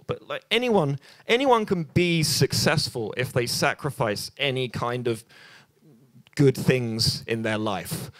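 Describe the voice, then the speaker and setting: A man's voice: a little high, animated, slow, fairly bright tone, no echo. Hesitant British man doing stand-up. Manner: rambling, hesitant, many ums and restarts; dry and self-deprecating. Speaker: stand-up comedian. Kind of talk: stand-up comedy set. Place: bar open mic night.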